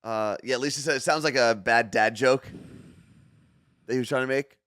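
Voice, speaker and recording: A man's voice: mid-range voice, moderate pace, a bit bright, clear, resonant tone, no echo. A man co-hosting a morning show in casual chat, easygoing, reading out listener messages. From Seattle area. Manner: easygoing, reads out listener texts. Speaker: radio show co-host.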